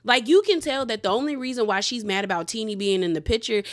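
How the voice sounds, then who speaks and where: Animated woman recapping a reality show. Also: fairly high pitch, fast talker. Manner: animated storytelling, acting out quotes. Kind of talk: casual recap commentary.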